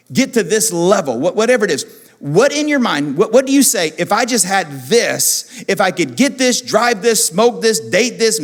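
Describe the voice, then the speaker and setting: Man, pastor, lively high-pitched sermon voice, repeats lines for emphasis, long hall reverb. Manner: animated, repeats phrases for emphasis. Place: church auditorium.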